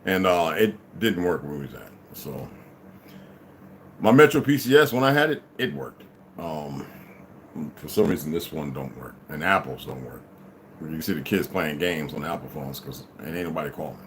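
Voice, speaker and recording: A man's voice: a bass voice, animated, moderate pace, a little hiss or hum. A tired man chatting casually and profanely on a livestream, greeting viewers as they arrive. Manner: laid-back, profane, rambling, greets viewers as "beloved". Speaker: livestream host.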